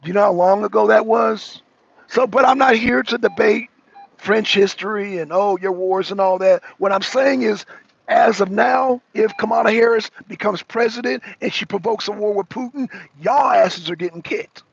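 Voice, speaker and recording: High, gravelly American man ranting. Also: normal speed, highs cut off. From United States. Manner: profane, repetitive, raising his voice. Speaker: talk show host. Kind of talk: heated political rant. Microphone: streaming microphone.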